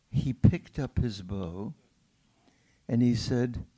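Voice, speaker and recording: An older pianist's medium-pitched voice is animated and husky as he tells stories at a film Q&A in a theater. His delivery is slow and warm, with laughter and acted-out quotes.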